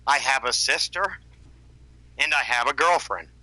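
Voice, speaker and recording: A man on a casual podcast, ranting with animated storytelling and mocking the voices of the people he quotes. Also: medium pitch, a little slow, no echo, low-quality recording. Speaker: podcast co-host, YouTuber.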